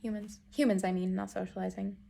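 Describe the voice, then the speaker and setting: A woman's voice: medium pitch, level tone, fairly quick, gravelly, mellow. A young woman vlogging casually from a hotel room, chatty and self-mocking, with many fillers. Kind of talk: casual vlog chat.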